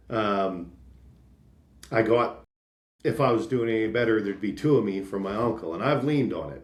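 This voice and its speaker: A man in his thirties from Canada, a sales leader telling stories in a casual interview, animated and acting out quoted voices. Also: lowish voice, echoey room. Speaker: podcast guest, sales leader.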